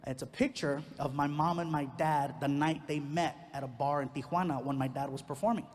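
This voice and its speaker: Brief: a lively male comic telling a family story, high-pitched and expressive. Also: fairly quick, big-room sound, background noise. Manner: animated, swings into loud outbursts, lots of character voices. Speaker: stand-up comedian. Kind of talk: stand-up storytelling.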